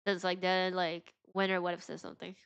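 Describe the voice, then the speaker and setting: A woman's voice: fairly low pitch, completely flat delivery, a little fast, vocal fry, a bit bright, smooth, highs cut off. A woman streamer giving casual, joking commentary on a game playthrough, with slangy asides and laughter.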